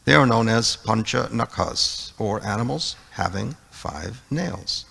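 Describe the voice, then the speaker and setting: Gravelly man leading a scripture class. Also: fairly low pitch, expressive, measured pace, sharp tone, long reverb tail, slight background noise. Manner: reads out lists of verse translations item by item. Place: temple hall.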